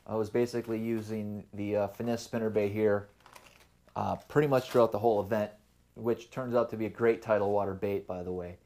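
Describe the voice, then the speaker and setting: A young adult man who hosts his own fishing channel tells his tournament story to the camera in a casual vlog, relaxed and rambling with fillers. His voice is on the low side and a little fast.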